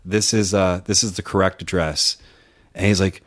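A man with a fairly low voice spins casual podcast stories. He acts out other people's lines as he goes and swears freely. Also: fairly even intonation, moderate pace, a bit bright. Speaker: podcast co-host and wrestling promoter.

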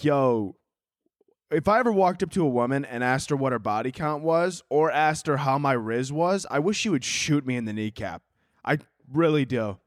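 In a medium-pitched voice with dry, studio-quality sound, a young podcast host delivers a casual comic monologue. It rambles and is full of profanity, and he often laughs at his own jokes.

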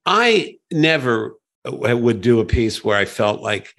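A man's voice: medium pitch, big pitch swings, takes it slowly, fairly bright tone. An older man, a guest and former sketch writer, telling rambling anecdotes with restarts and chuckles in casual chat.

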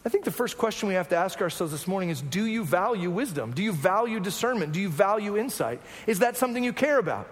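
A man from Arizona preaching a sermon, animated and humorous, asking many rhetorical questions. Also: sits high, quick pace, few pauses. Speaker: pastor. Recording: reverberant hall.

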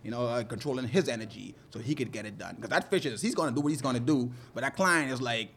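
A man's voice: mid-range voice, quick pace, fairly bright tone, a little hiss or hum. A man working as a fishing guide, talking loosely and animatedly in an interview, often laughing. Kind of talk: casual interview talk.

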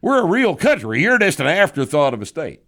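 A man's voice: on the high side, very animated, a little fast, pitched above the performer's own voice. A man voicing a blustering, indignant Canadian man who scolds and tacks on "eh". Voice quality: folksy, says "eh". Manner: loud, scolding, mock-folksy.

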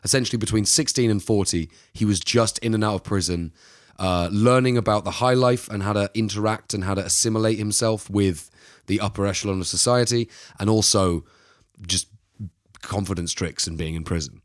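Low-voiced man telling a true-crime story. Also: fairly quick, no room sound, clean studio sound. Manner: rambling, playful storytelling. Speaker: podcast co-host. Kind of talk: casual true-crime chat.

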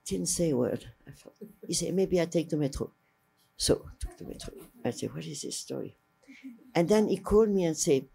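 Older woman with a warm voice. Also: sits low, creaky, slightly rough. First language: French. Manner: rambling, lively, restarts mid-phrase and acts out other people's speech. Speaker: interviewee, filmmaker. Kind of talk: storytelling reminiscence.

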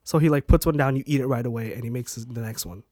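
A man's voice: medium pitch, fast talker, warm tone, no room sound, studio quality. A man in casual chat as a podcast co-host, playful and teasing with his questions.

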